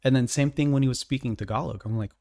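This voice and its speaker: A man's voice: medium pitch, quick pace, gravelly, no echo, studio quality. A man from the United States co-hosting a podcast in casual chat, swearing freely and telling stories with lots of laughs. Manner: swears freely, laughs often, animated storytelling. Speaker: podcast co-host.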